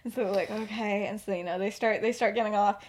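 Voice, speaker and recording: A woman's voice: mid-range voice, fairly even intonation, fast, a little mellow. A young woman co-hosting a podcast, casually retelling a story with lots of fillers, restarts and laughs. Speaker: podcast co-host.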